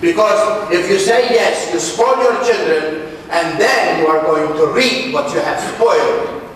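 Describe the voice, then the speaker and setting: High-voiced priest preaching in an echoey church. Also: male voice, animated, unhurried, fairly bright tone, a little hiss or hum. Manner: emphatic, preaching with dramatic drops and rises. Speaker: Catholic priest. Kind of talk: sermon. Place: large church. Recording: echoey church hall from far off.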